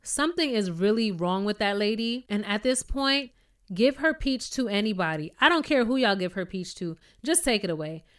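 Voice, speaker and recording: A woman's voice: mid-range voice, animated, normal speed, fairly bright tone. A young adult woman recapping a reality TV episode in a casual, opinionated rant full of rhetorical questions. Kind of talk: casual ranting show recap.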